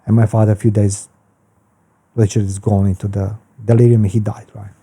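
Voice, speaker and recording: A man's voice: on the low side, moderate pace, creaky, slightly rough. Blunt man in his fifties. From Croatia. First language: Croatian. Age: 50s. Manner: animated, blunt, swears freely, broken grammar. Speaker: podcast guest. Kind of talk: candid storytelling in conversation.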